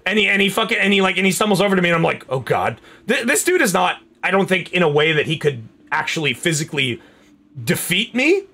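A young man on a casual gaming stream, telling stories and reacting with swearing, shouts and laughter. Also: sits high, fast. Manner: animated, profane, bursts into shouts and laughter.

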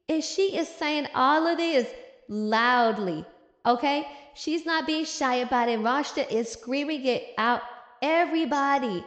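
A woman's voice: high voice, a little slow, fairly bright tone. Sassy woman recapping a comic. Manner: sassy, laughing, slangy. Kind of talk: casual comic recap commentary. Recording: roomy echo.

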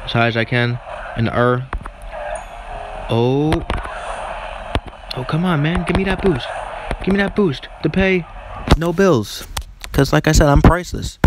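A let's-player with a slightly high, expressive voice comments casually on a mobile racing game at a measured pace, with long pauses. Background noise and barking dogs fill his home as he cheers on the races and cracks jokes in between.

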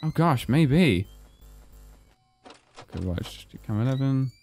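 British gamer, lively swings in pitch, tense concentrating mutter, casual co-host. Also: male voice, measured pace, faint music behind. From Britain. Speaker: gaming channel co-host. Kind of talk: casual let's-play chat.

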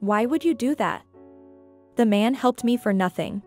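A self-assured young woman in a storybook, answering calmly and evenly, read by a woman narrator. Her voice sits a little high. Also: measured pace, faint music behind. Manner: calm and composed.

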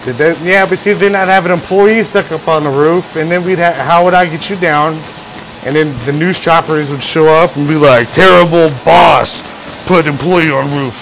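Man on a workshop livestream, casual, rambling and jokey, a bit high-pitched, faint hum behind. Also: fairly even intonation, normal speed, fairly bright tone, rough recording. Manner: rambling, jokey, acts out imagined scenes. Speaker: livestream host, engraver.

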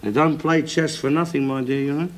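An actor playing a bigoted, middle-aged father who rants in loud, swearing tirades. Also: fairly high pitch, fairly even intonation, a little fast, natural voice. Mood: ranting. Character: bigoted middle-aged working-class London father, ranting. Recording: noisy old TV sitcom soundtrack.

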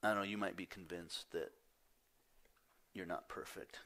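Low-voiced pastor swinging loud to hushed. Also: male voice, steady tone, unhurried. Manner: swings from loud emphatic declarations to hushed, near-whispered lines; confessional, self-deprecating asides. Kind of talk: sermon.

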